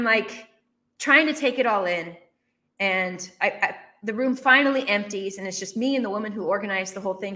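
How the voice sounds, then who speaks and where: Bright, animated woman telling a story. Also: medium pitch. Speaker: guest. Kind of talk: storytelling in a podcast chat.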